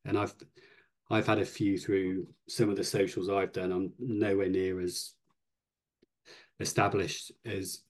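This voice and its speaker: A man's voice: deep voice, level tone, a little slow, long pauses. A man in a casual podcast conversation, speaking reflectively and restarting sentences hesitantly.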